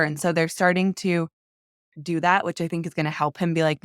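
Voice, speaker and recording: A woman's voice: fairly low pitch, steady tone, brisk, smooth, no echo, clean studio sound. Podcast guest, woman, heartfelt and candid, filler-heavy casual speech, clean resonant tone. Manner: earnest and emotional, many "like" fillers. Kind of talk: candid conversational interview.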